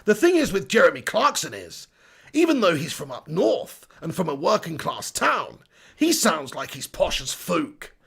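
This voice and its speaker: A man's voice: fairly high pitch, huge pitch swings, normal speed, creaky, fairly bright tone, slightly rough, voice pushed down, heavily acted. Man doing a plummy posh English presenter. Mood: pompous. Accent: attempted posh southern English.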